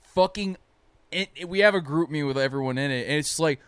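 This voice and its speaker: Bright, crisp-voiced young man telling stories. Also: a little high, brisk, dry recording. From Tennessee. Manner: animated, profane storytelling with laughter. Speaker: podcast co-host. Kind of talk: casual chat.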